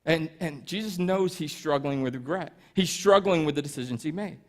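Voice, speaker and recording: A male pastor preaching with a high, light voice for a man. He retells a Bible story casually, drops in self-deprecating asides, and keeps a relaxed, chatty delivery. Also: normal speed. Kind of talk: sermon.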